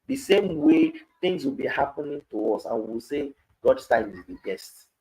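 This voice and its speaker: A man's voice: mid-range voice, huge pitch swings, moderate pace, creaky, warm tone, husky, poor audio. A man with a Nigerian accent leading a live-streamed Bible study, reading scripture aloud and then explaining it in Pidgin-laced commentary.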